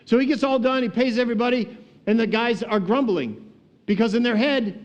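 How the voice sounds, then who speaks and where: Lively, higher-voiced male Bible teacher. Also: moderate pace. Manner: lively storyteller, conversational and humorous. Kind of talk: casual teaching podcast.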